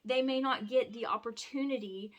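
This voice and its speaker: A woman's voice: on the high side, moderate pace. A tired woman, chatting and rambling with lots of restarts while folding laundry at home. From Alabama. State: tired from lack of sleep. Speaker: vlogger and homeschooling mother. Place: home, indoors.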